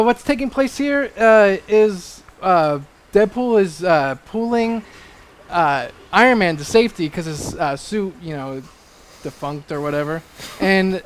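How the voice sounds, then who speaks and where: A young adult man recapping a comic issue on a panel, excitable and rambling, full of fillers. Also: high voice, clear, resonant tone.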